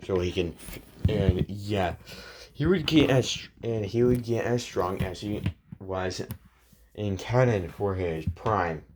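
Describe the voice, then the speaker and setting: Slow, low-voiced rambling storyteller man. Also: a little mellow, a little hiss or hum. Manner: hesitant, many fillers and restarts. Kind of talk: rambling fan-story narration. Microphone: phone screen recording.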